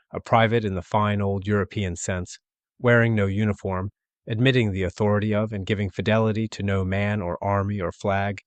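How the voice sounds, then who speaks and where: Low-voiced man reading a classic story. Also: no echo. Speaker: audiobook narrator. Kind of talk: scripted literary narration.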